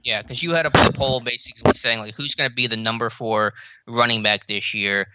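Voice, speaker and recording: A man co-hosting a sports podcast, brisk and matter-of-fact, with some teasing. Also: medium pitch, steady tone, pushed and bright, clean tone. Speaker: podcast co-host. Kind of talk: casual sports analysis. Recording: slightly dull lo-fi mic.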